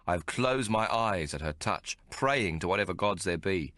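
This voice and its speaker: A man narrating an audiobook in the first person, measured and descriptive. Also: low voice, animated, fairly bright tone, dry recording, studio quality.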